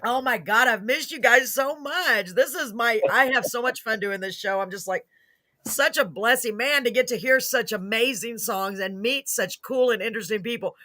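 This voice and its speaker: A woman's voice: fairly high pitch, moderate pace, bright, forceful tone, no echo, studio quality. A woman hosting a live music show, chatting casually, gushing and laughing often as she rambles. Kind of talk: casual live-stream chat.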